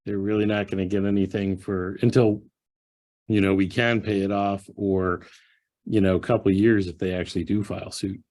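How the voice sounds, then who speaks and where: A man's voice: low voice, little pitch movement, moderate pace, darkish tone. A man on a video call, a board member, explaining in a plain matter-of-fact way how he handled a negotiation. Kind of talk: business meeting discussion.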